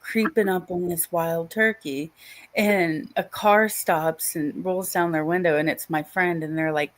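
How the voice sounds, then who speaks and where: A woman hosting a stream, chatting casually and telling slow, relaxed stories on a video call. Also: lowish voice. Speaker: stream host. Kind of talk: casual chat.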